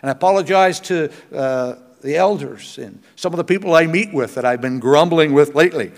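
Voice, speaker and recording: An older man preaching from the pulpit in a slightly higher voice, earnest and chatty, poking fun at himself as he goes. His words ring out with a long reverb, as in a large church hall. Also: a little fast. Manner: earnest and conversational, with self-deprecating humor. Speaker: pastor. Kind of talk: sermon.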